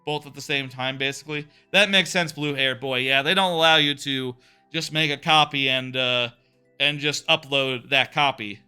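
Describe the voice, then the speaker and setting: A man's voice: mid-range voice, fairly even intonation, moderate pace, bright, forceful tone, clean tone, soft background music. A man streaming a video game live, chatting casually and answering his viewers' questions as he plays. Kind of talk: casual live-stream chat while gaming.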